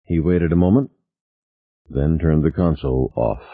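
A man reading a novel aloud as narrator, in an expressive style. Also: very deep voice, moderate pace, dry recording. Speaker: audiobook narrator. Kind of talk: scripted narration. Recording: dry, tinny phone-like sound.

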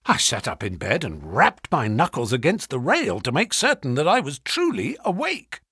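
A man narrating a classic story as an audiobook, reading in a highly expressive, dramatic way. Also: normal speed, husky, dry recording, clean studio sound.

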